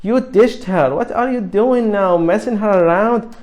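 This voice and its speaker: A man reading aloud and voicing a hot-headed, protective teenage boy who talks in a loud, raised voice. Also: high voice, steady tone, unhurried, pitched above the performer's own voice. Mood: angry.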